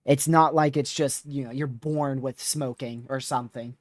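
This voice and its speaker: A man's voice: mid-range voice, steady tone, moderate pace, no room sound. A man hosting a live severe-weather stream, talking casually with viewers while reading radar, his voice starting to wear out. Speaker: livestream host.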